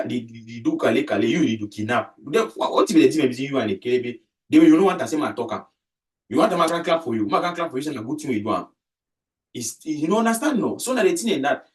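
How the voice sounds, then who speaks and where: A man's voice: medium pitch, lively intonation, fast talker. Emphatic Cameroonian man, distant mic. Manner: emphatic, repeats key phrases. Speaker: political commentator. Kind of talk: casual video commentary.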